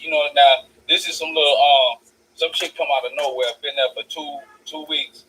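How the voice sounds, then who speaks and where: Man, casual storytelling, fast talker, bright forceful tone, slangy, profane, animated. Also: fairly high pitch, slight background noise, low-quality recording. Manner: animated, profane, acts out both sides of dialogue; streetwise slang, many repeated "I said". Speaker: vlogger.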